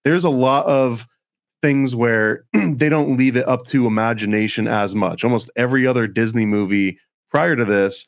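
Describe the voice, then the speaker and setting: A man with a mid-range voice trades dry, deadpan quips on a podcast. He sounds close and dry, with no room around him. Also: medium pitch, moderate pace, no room sound. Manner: wry, deadpan jokes. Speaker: podcast co-host. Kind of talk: casual chat.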